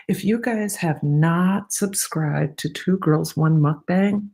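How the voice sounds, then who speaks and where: A middle-aged woman chats on her laptop livestream, goofy and a little nervous as she rambles on. Her voice sits low and she talks slowly, sniffly from allergies. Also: a little mellow, breathy edge. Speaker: YouTube livestream host. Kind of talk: casual livestream chat. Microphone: laptop microphone.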